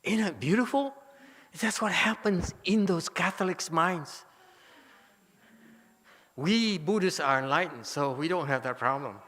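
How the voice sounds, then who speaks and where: Lively, bright-voiced male dharma teacher. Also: on the high side, measured pace, long pauses. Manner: animated, teasing, asks listeners rhetorical questions. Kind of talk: dharma lecture. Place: temple lecture hall. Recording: hall reverb.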